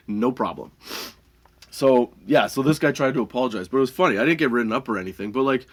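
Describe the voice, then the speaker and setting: A man's voice: mid-range voice, very fast. A male podcast host telling a comic story, swearing freely and laughing between lines.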